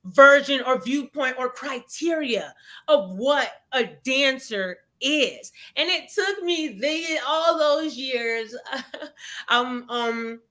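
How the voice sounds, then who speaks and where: Bright-voiced woman in her thirties telling her story. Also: sits high, lively intonation, slow pace. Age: 30s. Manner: earnest and reflective, with frequent restarts. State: tearful at moments. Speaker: webinar guest. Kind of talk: personal story in a live webinar.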